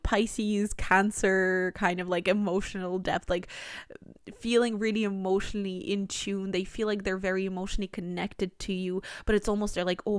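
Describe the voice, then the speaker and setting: A woman talks through a tarot reading in a loose, searching way, full of fillers and restarts as she feels for the right words. Her pitch sits in an ordinary middle range. She is recorded close and dry, with no room sound. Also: dry recording. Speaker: tarot reader. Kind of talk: pick-a-card tarot reading.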